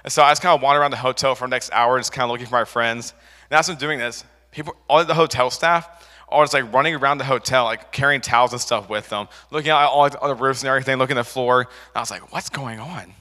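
Bright-voiced young preacher in a reverberant hall. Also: male voice, mid-range voice, quick pace. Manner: rambling, filler-heavy storytelling with restarts. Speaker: youth preacher. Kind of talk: casual sermon with a personal story.

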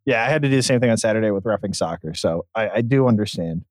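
A man's voice: on the low side, animated, fast talker, no echo. Chatty man on a dry mic. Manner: explanatory, chatty, filler-heavy. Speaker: podcast co-host. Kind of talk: casual sports podcast chat.

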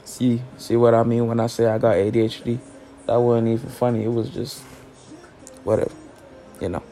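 A man's voice: mid-range voice, level tone, normal speed, mellow. A teenage boy hosting a casual solo podcast, rambling and joking in heavy slang with lots of cussing. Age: late teens. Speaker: podcast host.

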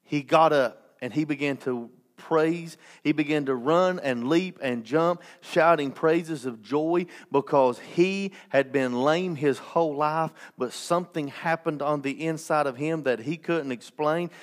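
A man's voice: a little high, unhurried, hardly any pauses. A man preaching a sermon as pastor, impassioned, with restarts and joking asides.

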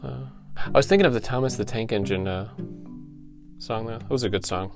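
A man's voice: lowish voice, a little fast, creaky, over music. A man hosting a comedic podcast, rambling and stammering through his words, repeating himself as he goes. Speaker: podcast host.

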